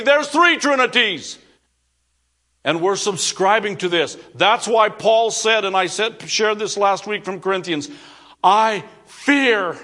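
A man's voice: very high voice, sharp tone. A middle-aged male pastor preaching a sermon, reading quotes aloud and then emphatically rebutting them.

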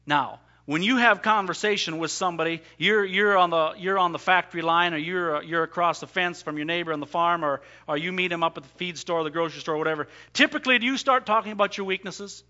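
High, bright-voiced preacher. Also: male voice, quick pace, hardly any pauses, muffled recording. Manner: emphatic preaching, voices scripture in first person. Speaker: pastor. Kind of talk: sermon.

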